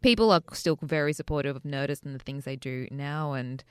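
A woman's voice: low voice, a little fast, clean tone, no echo, studio quality. A woman co-hosting a podcast, chatting casually with wry, sarcastic asides. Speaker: podcast co-host.

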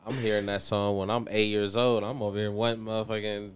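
A man's voice: on the low side, flat delivery, fast talker, clean tone. A man joining a podcast as a guest, laid-back and chatty, laughing easily and chiming in with short agreements. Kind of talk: casual podcast chat.

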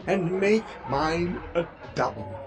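A man voicing a vain, whiny male robot in a comedy audio drama, talking in a slow, self-important way. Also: fairly high pitch, big pitch swings, gravelly, loud music behind the voice, heavily acted.

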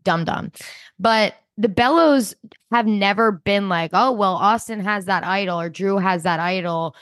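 A woman's voice: medium pitch, measured pace, a bit bright, dry recording, clean studio sound. A woman co-hosting a podcast in casual chat, swearing freely and acting out people's lines in mock voices. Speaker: podcast co-host.

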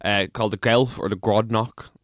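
A man with an Irish accent co-hosting a comic podcast, relaxed and explanatory. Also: lowish voice, moderate pace, no echo, studio quality. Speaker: podcast co-host. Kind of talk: casual comic banter.

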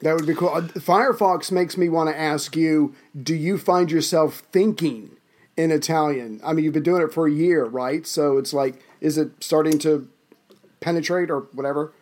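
Male co-host, voice a bit high, dry self-deprecating wit in casual banter. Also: moderate pace, darkish tone. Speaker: podcast co-host. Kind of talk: casual chat.

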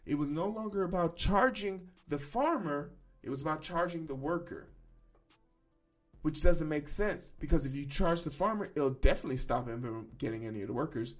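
Blunt, profane podcast host ranting. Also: male voice, on the high side, expressive, normal speed, soft background music. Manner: blunt, profane, riffing with loud emphatic bursts. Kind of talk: casual opinion commentary.

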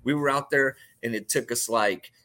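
A man talking casually on a podcast about meeting fishing clients, relaxed and full of fillers. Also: medium pitch, moderate pace. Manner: easygoing, many fillers. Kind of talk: casual chat.

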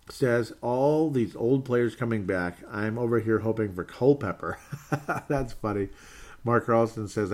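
A man's voice: on the low side, a little mellow. A man hosting a casual sports podcast, reading listener comments aloud with loose chatter, fillers and chuckles.

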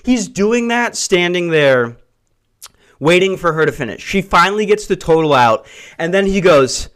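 A young man with a fairly high voice is on a profane comic tirade. He sounds exasperated and keeps slipping into mocking impressions of other people. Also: animated, normal speed, a bit bright. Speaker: podcast host. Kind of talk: comedic rant.

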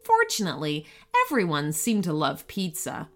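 A woman narrating a children's story with an expressive, unhurried reading. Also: low voice, faint music behind.

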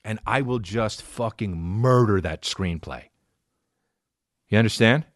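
A man's voice: lowish voice, unhurried, no room sound, studio quality. A man on a comedic rant, profane and rambling, swinging his delivery up and down as he riffs.

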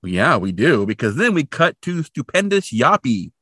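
Animated male podcast co-host. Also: medium pitch, normal speed, slightly rough, no echo, studio quality. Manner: animated, jumps into exaggerated voices for quotes. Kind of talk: casual recap chat.

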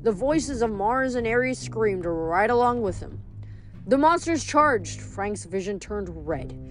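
A woman reading a novel aloud, telling the story in a steady way with dramatic emphasis. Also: fairly high pitch, slow, soft background music. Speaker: reader.

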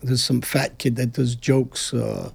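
Gravelly, blunt Brooklyn-born man. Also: mid-range voice, fairly even intonation, measured pace. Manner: blunt, combative, rambling with restarts. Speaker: interview guest. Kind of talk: heated conversational interview.

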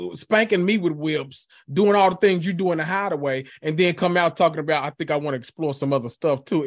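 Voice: mid-range voice, dry recording. Laid-back, slangy podcast guest, dry sound. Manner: laid-back, slangy, laughs a lot, playful. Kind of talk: casual chat.

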